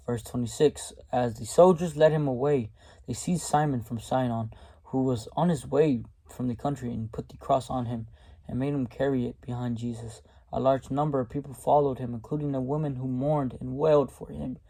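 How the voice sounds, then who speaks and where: Man, gravelly and mellow, reads scripture aloud and stops often to preach about it in a folksy, plain-spoken way. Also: medium pitch, fairly even intonation, normal speed. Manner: breaks off reading to comment emphatically, folksy. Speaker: Bible reader and commentator. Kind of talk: casual devotional Bible reading with commentary.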